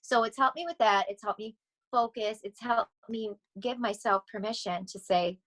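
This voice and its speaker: A woman's voice: a little high, normal speed, rough recording. Chatty, laughing woman vocal coach. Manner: rambling, animated, laughs often. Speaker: podcast guest, vocal coach. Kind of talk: casual interview chat.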